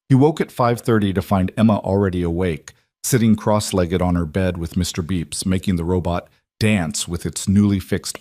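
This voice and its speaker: A man giving steady, measured scripted story narration. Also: deep voice, no room sound, studio quality.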